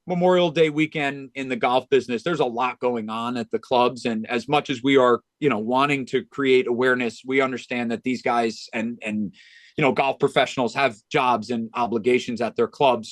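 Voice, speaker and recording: A man's voice: mid-range voice, dry recording. Earnest man telling a heartfelt story. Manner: earnest, with frequent restarts and "you know". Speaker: golf club director of instruction, podcast guest.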